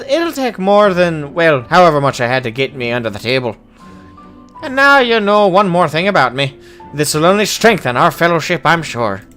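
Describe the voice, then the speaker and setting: A man's voice: fairly high pitch, bright, forceful tone. A man voicing a jovial, hard-drinking male dwarf adventurer in a put-on Irish accent, hearty and boastful. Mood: boisterous. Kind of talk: voicing game dialogue aloud.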